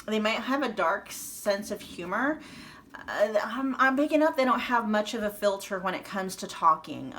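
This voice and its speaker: A woman's voice: medium pitch, fairly bright tone. A woman with a Midwestern accent giving a casual tarot reading to her viewers, chatty and thinking aloud with many fillers and restarts. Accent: Midwestern American. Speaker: tarot reader.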